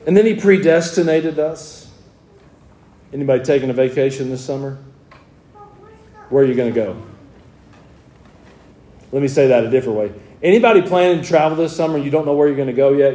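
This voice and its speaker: A man's voice: mid-range voice, warm tone, roomy sound. A man in his forties preaching a sermon as pastor, fervent at times and then chatting with the congregation. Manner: fervent preaching that shifts to friendly talk with the congregation. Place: church sanctuary.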